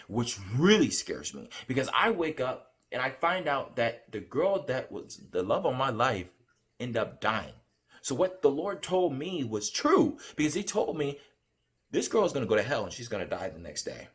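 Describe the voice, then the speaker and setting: A man vlogging as he recounts a dream, talking in a rambling, excitable way with many fillers and restarts. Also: sits low. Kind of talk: casual storytelling to camera.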